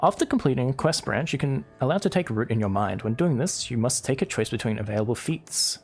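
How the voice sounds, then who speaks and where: A man's voice: mid-range voice, expressive, brisk, a little mellow, breathy edge, soft background music. A male game streamer reading game text aloud with wry asides during live gameplay commentary.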